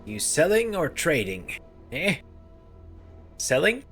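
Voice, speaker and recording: A man voicing a filthy, suspicious and hot-tempered male trader in a gruff, blustering way for a game. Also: on the high side, wildly swooping pitch, slow, a bit bright, faint music behind, pitched above the performer's own voice, exaggerated voice.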